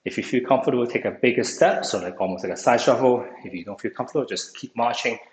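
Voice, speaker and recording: A man with a medium-pitched voice talks fast while instructing an online exercise class over a video call. Slightly out of breath, he stays encouraging and says "okay" constantly. The room is echoey with faint noise.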